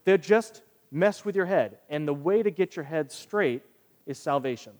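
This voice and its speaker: A man preaching as pastor, his voice sitting a bit high. He recounts a story with lively, animated emphasis. The sound carries a long reverb from a large hall. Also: normal speed. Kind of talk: sermon.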